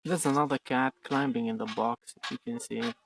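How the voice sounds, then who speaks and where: A man's voice: medium pitch, fairly even intonation, moderate pace, creaky, a bit bright. A man chatting casually on a livestream outdoors in a garden, rambling and joking with lots of swearing. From Ukraine. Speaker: streamer.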